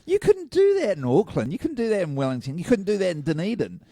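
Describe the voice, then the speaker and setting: A man co-hosts a podcast, animated and quick to laugh. His pitch swings widely as he talks. The recording is dry and close. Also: no room sound. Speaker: podcast co-host. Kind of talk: casual chat.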